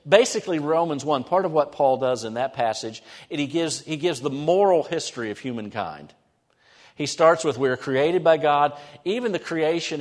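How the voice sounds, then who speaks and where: A middle-aged male pastor preaching a conversational, animated sermon in a church, swinging between lively emphasis and soft, prayerful asides. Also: medium pitch, in a large hall. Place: church sanctuary.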